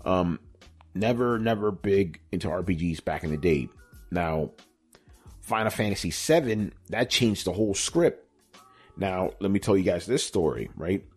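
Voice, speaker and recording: A man's voice: sits low, animated, a little slow, darkish tone, husky, soft background music. A middle-aged man answering viewer questions in a laid-back, profane chat full of "you know" and "bro". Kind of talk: casual Q&A chat.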